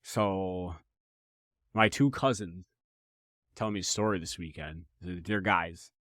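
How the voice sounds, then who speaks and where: A man's voice: deep voice, takes it slowly, dry recording, studio quality. A young man hosting a podcast, telling stories casually with a lot of swearing, repetition and restarts. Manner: profane, animated, repeats himself. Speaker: podcast host. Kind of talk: casual comedic storytelling.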